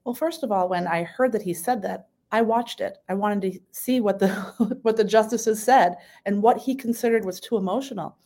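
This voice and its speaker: A woman's voice: mid-range voice, normal speed, hardly any pauses, dark tone. A middle-aged woman, a state senator, talking in an earnest, plainspoken way as a guest on a radio talk show, with some restarts. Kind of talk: casual radio interview.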